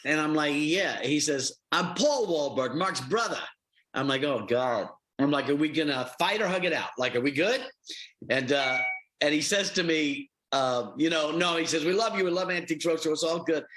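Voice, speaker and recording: A man's voice: fairly high pitch, moderate pace, fairly bright tone, low-quality recording. A middle-aged man, a TV host, answering interview questions as an affable storyteller. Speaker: reality show host.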